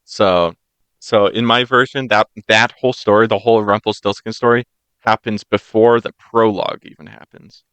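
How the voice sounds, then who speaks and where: A man from the United States co-hosts a casual podcast and retells a fairy tale, slipping into playful voices for its characters. His voice sits a little low and sounds smooth and clear. The recording is dry, with no room sound. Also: steady tone, moderate pace, a bit bright, dry recording. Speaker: podcast co-host. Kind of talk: casual chat.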